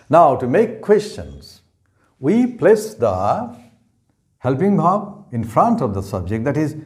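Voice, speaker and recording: A man teaching grammar in a measured, careful way. His pitch rises and falls in a lively way as he stresses words and repeats each example sentence slowly. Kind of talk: slow explanatory lesson.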